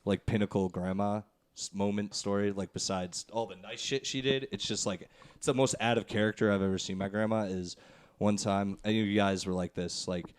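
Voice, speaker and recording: A man's voice: fairly low pitch, fairly even intonation, fairly quick, clean tone. A young man hosting a podcast, telling a story in a rambling, laughing, profane way. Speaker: podcast host.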